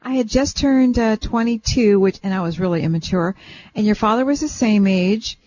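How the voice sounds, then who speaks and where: An older woman hosting a radio show, telling a family story in a chatty, animated way. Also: mid-range voice, normal speed, slight background noise. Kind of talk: casual radio chat, storytelling. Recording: dull lo-fi radio sound.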